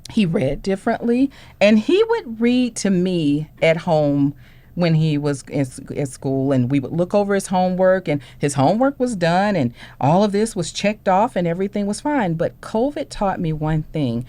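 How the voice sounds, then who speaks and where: A woman, speaking low and warm as a parent on a panel. Her pitch rises and falls freely as she tells her story. She acts out each person's voice along the way. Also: normal speed. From Houston, Texas. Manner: animated storytelling, acts out dialogue.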